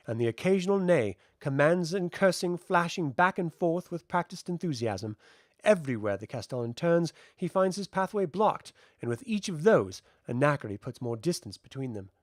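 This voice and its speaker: A man doing a live reading of a fantasy novel, narrating in an expressive, animated way. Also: a little high, no room sound, studio quality. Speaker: audiobook reader.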